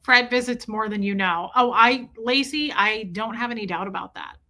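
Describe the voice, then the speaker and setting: Bright-voiced woman livestreamer chatting with viewers. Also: fairly high pitch, moderate pace. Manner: emotional, candid, talks straight to chat viewers. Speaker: livestream host reading chat. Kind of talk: casual livestream chat.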